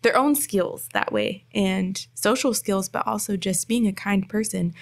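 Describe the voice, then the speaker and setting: A woman's voice: mid-range voice, unhurried, creaky. Young mother musing in casual chat.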